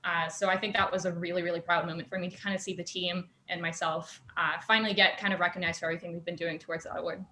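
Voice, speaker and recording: A woman's voice: fairly low pitch, flat delivery, fast, hardly any pauses, bright, forceful tone, a little hiss or hum. A young woman telling stories from her student robotics team in a casual chat, with lots of fillers and laughter. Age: young adult. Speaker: guest. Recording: echoey room.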